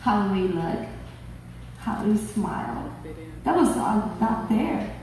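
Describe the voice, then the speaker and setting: A woman in her fifties from Japan, speaking English with a Japanese accent, telling a personal story at a conference in a slow, heartfelt, expressive way. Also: mid-range voice. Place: conference hall. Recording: echoey hall, mic at a distance.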